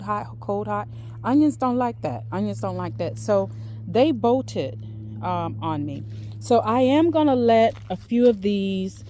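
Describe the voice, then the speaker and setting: Slow-talking woman on a garden tour. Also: mid-range voice, a little hiss or hum. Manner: warm, faith-filled, chatty and repetitive. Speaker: gardening vlogger. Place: outdoors in a backyard garden.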